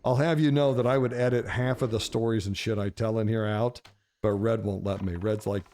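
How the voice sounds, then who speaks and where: A man telling a story casually, animated and profane, laughing as he goes. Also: fairly low pitch, brisk. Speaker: gaming streamer.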